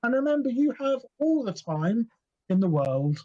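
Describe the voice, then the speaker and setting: A man's voice: very high voice, big pitch swings, moderate pace, mellow, pitched above the performer's own voice. A man voicing a pompous bearded male gatekeeper who speaks in grand, formal words. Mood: lofty. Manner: lofty, grand formal speech. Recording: dull lo-fi audio.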